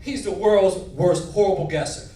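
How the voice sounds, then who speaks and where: Animated man doing stand-up in a roomy club. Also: sits high, normal speed. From northern United States. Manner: animated, switching voices, crowd work. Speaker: stand-up comedian. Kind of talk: stand-up comedy set. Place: comedy nightclub. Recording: roomy club from far, crowd.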